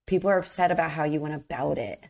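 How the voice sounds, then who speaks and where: A woman's voice: low voice, quick pace, gravelly, darkish tone. A woman co-hosting a podcast, chatting casually and bluntly, with lots of "like". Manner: blunt, opinionated, says "like" often. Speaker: podcast co-host. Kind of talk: casual chat.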